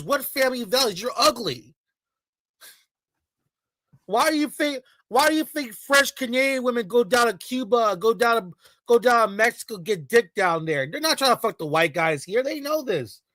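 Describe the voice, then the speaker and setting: A man's voice: high-pitched, pushed and bright, no echo, low-quality recording. A man ranting in a heated, profane reaction commentary, full of mocking and sarcastic asides.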